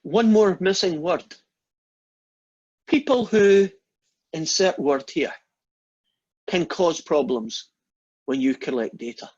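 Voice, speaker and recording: A man's voice: a little high, slow pace, long pauses, darkish tone. A man giving a university maths lecture, chatty and quizzing the class with questions. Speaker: math lecturer. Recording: dull lo-fi recording.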